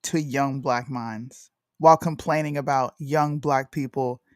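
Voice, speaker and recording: A woman's voice: a bass voice, fairly even intonation, unhurried, no room sound, clean studio sound. A woman co-hosting a casual livestream chat show, joking and laughing often and making plain announcements to viewers. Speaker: co-host.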